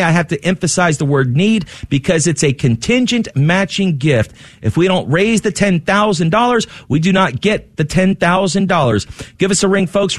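A man hosting a radio pledge drive, urgently asking for donations and slowly repeating the phone number. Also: high voice, lively intonation, dry recording. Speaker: radio fundraiser host. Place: radio studio.

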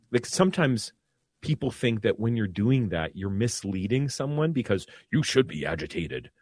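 Priest co-host, deep-ish and steady, calm soothing delivery, dry close studio sound. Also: male voice, breathy edge, no echo. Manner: calm, drops his voice low to soothe. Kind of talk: casual radio talk.

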